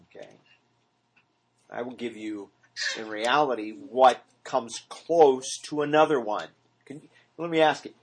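Leading a small Bible study with real earnestness, a man with a husky, mid-range voice keeps asking the group questions. At times he mimics repetitive praying.

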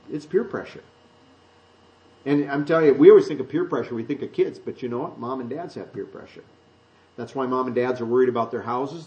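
A pastor teaching a Bible sermon in a loose, conversational way, correcting himself and joking with the congregation. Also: male voice, mid-range voice, darkish tone, muffled recording. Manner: conversational, self-correcting, jokes with the room.

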